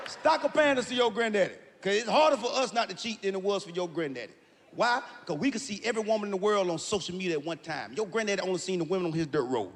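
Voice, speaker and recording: A comedian, a man, working a live crowd with a high, excitable voice. He gets loud and shouts his punchlines, and the sound rings through a big reverberant hall with faint room noise underneath. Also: fast talker, gravelly. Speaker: stand-up comedian. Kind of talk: stand-up comedy set. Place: large live venue with audience.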